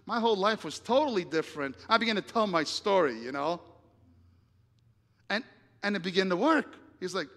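A man preaching, telling a personal story with lively acted-out dialogue and big swings between loud and hushed lines. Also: high voice, normal speed, pauses often. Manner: animated storyteller acting out dialogue, dramatic volume swings. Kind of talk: sermon storytelling. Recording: reverberant hall.

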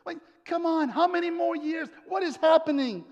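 A man voicing bewildered male disciples, anxious and pleading, with rapid, exasperated questions. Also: very high-pitched, darkish tone, lo-fi sound, voice pushed up. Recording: long hall reverb.

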